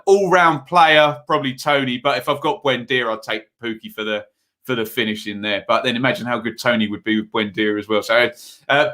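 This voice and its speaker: A man's voice: medium pitch, sharp tone. Chatty man hosting a football watch-along. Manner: casual play-by-play mixed with reading viewer messages; rambling and chatty, with frequent fillers. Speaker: live stream host.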